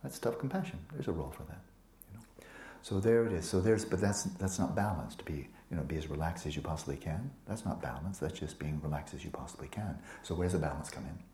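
Low-voiced guy teaching meditation, laid back and teasing, goes soft and whispery, roomy echo. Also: fast, hardly any pauses, a little hiss or hum. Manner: relaxed, playful, often dropping to a soft whisper; teases students by name. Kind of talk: dharma talk to a retreat group. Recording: echoey room with faint ambience.

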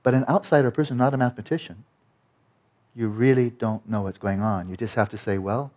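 A man's voice: medium pitch, fairly quick, darkish tone. A man teaching about meditation in an emphatic, explanatory lecture style, often checking in with "right?".

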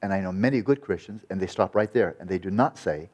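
A man teaching Buddhist meditation in a dharma talk, lively and wry, with a sarcastic edge and frequent restarts. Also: low voice, fast talker, husky.

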